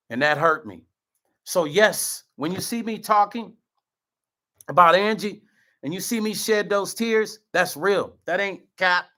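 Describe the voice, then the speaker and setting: A middle-aged vlog host speaks straight to his viewers, choked up and near tears. His voice is fairly high, pushed, and bright, and he talks earnestly, repeating himself in this emotional direct-to-camera talk.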